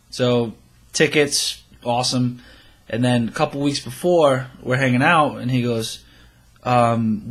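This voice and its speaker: A young man co-hosting a podcast, telling a story in casual chat, animated and swearing as he acts out his friends' lines. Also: mid-range voice, slow pace. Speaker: podcast co-host.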